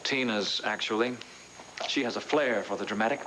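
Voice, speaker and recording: An actor playing a dry, sardonic wealthy hotel owner, in 1980s TV soap acting, on a hissy recording. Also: male voice, lowish voice, moderate pace, natural voice. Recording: hissy old tape.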